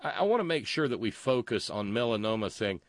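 A man's voice: mid-range voice, a little fast, no room sound. A man hosting a casual talk show, telling stories with a sardonic edge. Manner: sardonic, animated storyteller. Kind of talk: casual radio banter.

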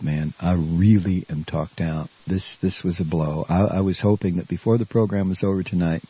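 Furious stammering radio host. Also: male voice, sits low, slightly rough, highs cut off. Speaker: radio talk show host. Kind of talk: angry political rant.

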